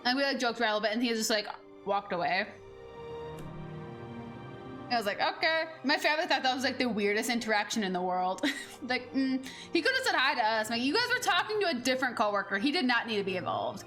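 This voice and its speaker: Bright, high-voiced young woman rambling. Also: sing-song, fast, faint music behind. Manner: rambling storyteller, heavy on "like" fillers. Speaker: gaming streamer. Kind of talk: casual chat over gameplay.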